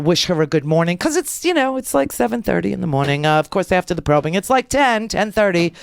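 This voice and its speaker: A woman's voice: lowish voice, dry recording, studio quality. A middle-aged woman radio host telling a story in a casual, sarcastic way, acting out the people in it. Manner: wry, sarcastic, acts out the people in her stories. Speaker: radio talk show host.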